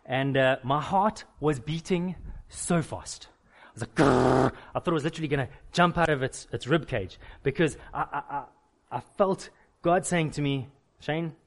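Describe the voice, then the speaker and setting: Pastor, male, slightly high voice; candid, emphatic sermon delivery with stacked lists. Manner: candid personal storytelling with emphatic repeated lists.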